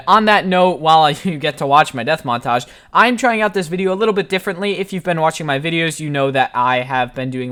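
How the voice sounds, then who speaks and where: A man's voice: a little high, fairly bright tone. A young man casually narrating his own gameplay footage, joking and self-deprecating. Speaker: gaming channel host. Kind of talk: gameplay voiceover commentary.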